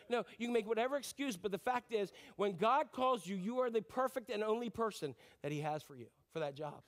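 A man preaching a sermon, animated and talking straight to the congregation with questions and acted-out quotes. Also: high voice, quick pace, hardly any pauses. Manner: animated, acts out quotes, asks audience questions. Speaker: pastor.

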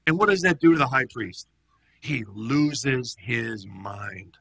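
A male pastor teaching a Bible study in an animated, conversational way, acting out the quotes he reads. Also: mid-range voice, slow pace, breathy edge, no room sound.

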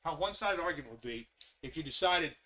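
Middle-aged pastor, high bright voice, folksy and conversational. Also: male voice, lively intonation, fast talker. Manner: folksy, conversational, with Southern "y'all". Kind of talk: casual sermon.

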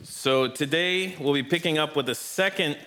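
A man leads a family Bible lesson in a church hall with an audience, praising the children and joking with them in an encouraging, playful way. He sounds out of breath, and his voice is on the high side, sharp in tone, at a moderate pace.

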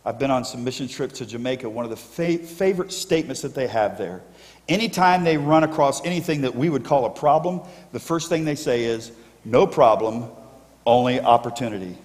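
A man's voice: mid-range voice, animated, brisk. A male pastor preaching a sermon, emphatically rallying his congregation to answer him back. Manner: emphatic call-and-response with congregation. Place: church sanctuary. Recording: echoey church sanctuary.

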